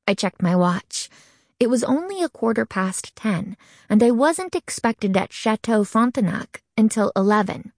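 A woman narrating an audiobook in first person, lively and expressive, shifting her voice for each character. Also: on the low side, unhurried, dry recording, studio quality.

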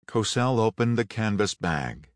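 Man, audiobook narrator, low voice, slow pace, expressive, dry close recording. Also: dry recording. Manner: unhurried, measured storytelling. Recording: dry close studio read.

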